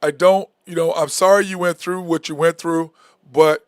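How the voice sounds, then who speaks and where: A man's voice: a little high, normal speed, clear, resonant tone, no echo, studio quality. A man hosting a sports talk show, talking bluntly and with animation in casual sports chat. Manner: blunt, animated, says "okay?" and "bro" a lot.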